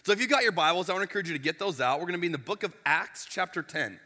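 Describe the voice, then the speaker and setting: A man, the lead pastor, telling a story in a chatty, animated sermon in a church sanctuary. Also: high voice, racing. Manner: animated, chatty, with frequent restarts and asides. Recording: long reverb of a large hall.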